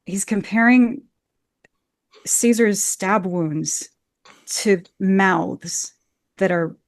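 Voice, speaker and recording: Enthusiastically breaking down verse in a podcast interview, a woman who acts and coaches Shakespeare chants beats to illustrate the rhythm. She speaks extremely slowly at a medium pitch, with no room sound at all.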